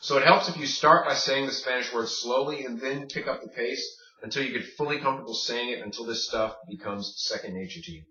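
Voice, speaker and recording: Guy teaching spanish sounds, bright voice, far off mic in a roomy echoey space, keeps saying okay. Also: medium pitch. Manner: drills words slowly, asks "okay?" often. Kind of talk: video lesson. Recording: distant, dull, echoey room mic.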